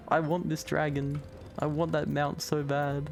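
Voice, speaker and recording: A man casually chatting to himself and his chat while playing a game, excitable and prone to swearing. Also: fairly high pitch, measured pace, vocal fry, soft background music. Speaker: streamer.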